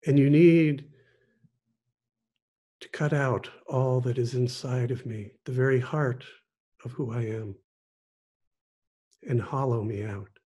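A man voicing a calm, gentle bamboo tree. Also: medium pitch, slow, long pauses, breathy edge.

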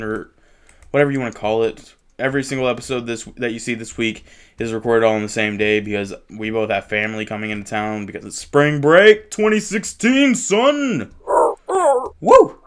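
Young male game host with a cold; smooth, clear tone, chatty and excitable. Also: mid-range voice. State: has a cold, sniffling. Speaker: gaming channel host. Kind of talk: casual gameplay commentary. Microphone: desktop mic with face cam.

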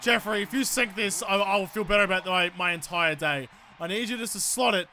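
A man's voice: sits high, fairly quick, hardly any pauses, bright, forceful tone. An Australian man giving live commentary while playing a football video game, ranting and swearing freely at how the match is going.

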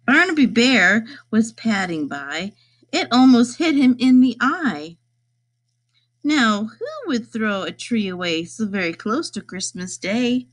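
A woman reading a rhyming picture book aloud, in a lively sing-song way. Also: fairly high pitch, slow. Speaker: storybook reader.

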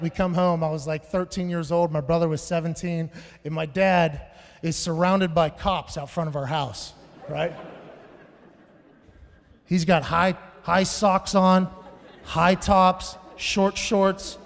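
A man in his thirties doing a stand-up comedy set, telling stories loudly with profane, shouted bursts. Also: sits high, steady tone, takes it slowly. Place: large venue on stage. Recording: live hall with long reverb.

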